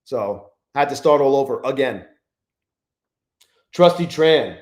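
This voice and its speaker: A man's voice: medium pitch, expressive, measured pace, a little mellow. A young man hosting a live trading stream, chatting loosely and profanely while he greets viewers from the chat by name. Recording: echoey room.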